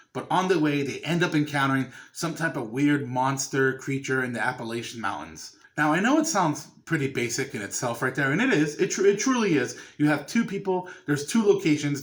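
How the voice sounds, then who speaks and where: A man chatting loosely about a horror film he watched, swearing casually as he recaps it. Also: medium pitch. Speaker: movie reviewer. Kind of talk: casual review chat.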